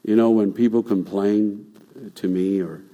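Mellow-voiced preacher in a reverberant hall. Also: male voice, on the low side, steady tone, unhurried. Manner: conversational preaching, rising to emphatic declarations. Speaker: pastor. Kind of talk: sermon.

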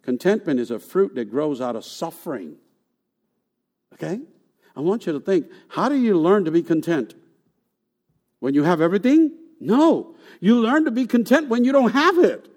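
A man preaching a sermon in an animated way. He asks rhetorical questions and repeats words for emphasis. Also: sits high. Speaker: pastor.

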